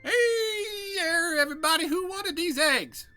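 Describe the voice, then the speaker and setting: A man's voice: on the high side, big pitch swings, fairly bright tone, faint music behind, pitched above the performer's own voice, exaggerated voice. A game master voicing a chatty, motherly older female innkeeper who fumbles over her words. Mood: welcoming. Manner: fumbling, friendly, quick to laugh. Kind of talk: narrating a tabletop game.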